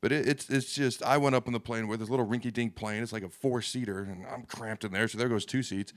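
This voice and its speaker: A man's voice: mid-range voice, fairly even intonation, quick pace, no room sound, clean studio sound. A young man, a football player, co-hosting a casual sports podcast and telling a long story with self-mocking asides. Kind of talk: casual sports talk chat.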